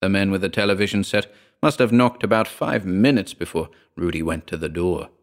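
A man reading a first-person story aloud in a wry, measured way. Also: sits low. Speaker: narrator.

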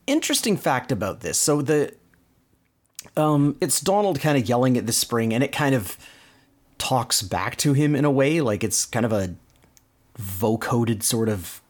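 A man's voice: mid-range voice, animated, a little slow. A man hosting a podcast, casually recounting cartoon plots in detail. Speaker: podcast host. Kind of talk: casual cartoon recap chat.

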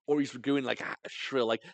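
A man's voice: mid-range voice, no room sound. A man co-hosting a film podcast, joking and swearing in casual banter. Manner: joking, swearing, animated storytelling. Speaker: podcast co-host. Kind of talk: casual chat.

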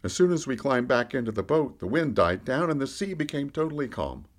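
A man's voice: medium pitch, a little fast, lightly acted. A man playing a candid fisherman disciple. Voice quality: lively storyteller, rising and falling with the action. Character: a fisherman disciple, candid, middle-aged man recalling his past. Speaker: podcast storyteller. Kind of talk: first-person character monologue.

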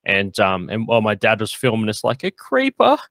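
A man's voice: fairly low pitch, wildly swooping pitch, fairly quick, fairly bright tone, no echo. A man hosting a podcast in casual chat, rambling with lots of fillers and frequent laughs. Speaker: podcast host.

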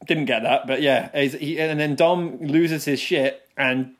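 With a slightly high voice, fairly even intonation and a somewhat slow pace, this man co-hosts a podcast. He keeps the talk casual and chatty, laughs a lot, and frequently cuts across his co-host.

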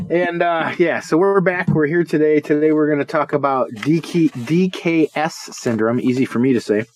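A man's voice: on the high side, measured pace, no echo. A man co-hosting a podcast in casual chat, laughing often and teasing himself and his partner. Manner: laughs often, joking and self-mocking. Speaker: podcast co-host.

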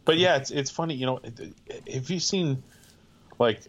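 A man's voice: medium pitch, moderate pace. A man co-hosting a music show, rambling wryly through opinions in casual chat. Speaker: radio show co-host. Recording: slightly dull lo-fi sound.

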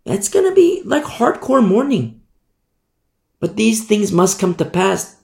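A man's voice: high voice, very animated, unhurried, gravelly, darkish tone. A man preaching a Bible teaching in a conversational way, acting out little scenes as he goes. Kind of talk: sermon. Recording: echoey room.

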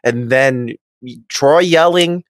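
A man's voice: mid-range voice, slow pace, no room sound, clean studio sound. A man in casual chat who laughs a lot and explains with playful examples. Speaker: podcast co-host. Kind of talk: casual chat recapping a TV episode.

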